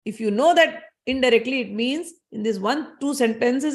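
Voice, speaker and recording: A woman retelling a scripture story and explaining its meaning in an animated, conversational way. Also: a little high, normal speed, hardly any pauses. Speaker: spiritual storyteller.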